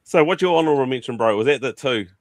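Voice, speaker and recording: A man's voice: medium pitch, lively intonation, fast talker, no room sound, studio quality. A man with a New Zealand accent hosting a casual livestream chat, rambling and swearing freely. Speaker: host.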